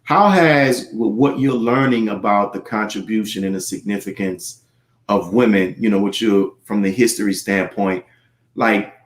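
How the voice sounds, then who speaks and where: A man with a somewhat low voice hosts a one-on-one interview. He asks long questions with many restarts. His voice has a noticeably roomy, echoing sound. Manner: halting questions, many restarts and soft "mm" backchannels. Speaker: interview host.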